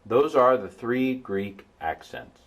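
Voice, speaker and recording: A man tutoring in an informal recorded lesson, folksy, with playful asides, sounding syllables out slowly. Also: medium pitch, animated. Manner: folksy, explains with playful asides and repeated examples. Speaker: Greek tutor.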